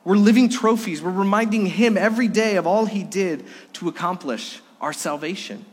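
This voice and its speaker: A man preaching a Sunday sermon as pastor, earnest, rising loud and then dropping soft. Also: sits high, normal speed, breathy edge. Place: church sanctuary. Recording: long reverb of a church hall.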